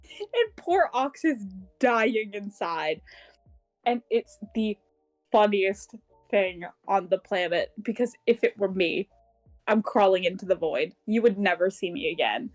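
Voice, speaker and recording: A woman's voice: medium pitch, animated, unhurried, soft background music. Giggly woman gushing over a book. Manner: giggly, gushing, swears freely. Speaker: book club podcast co-host. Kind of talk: casual chat recapping a novel.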